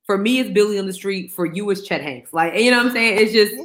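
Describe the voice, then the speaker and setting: A woman's voice: mid-range voice, quick pace, a bit bright. A woman co-hosting a podcast in casual chat, emphatic and slangy, repeating her punchlines for effect. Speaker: podcast co-host.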